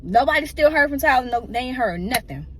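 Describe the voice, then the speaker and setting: A woman's voice: high-pitched, animated, quick pace, a bit bright, slight background noise. A woman emotionally telling a personal story in a casual, rambling way and often addressing her listeners directly.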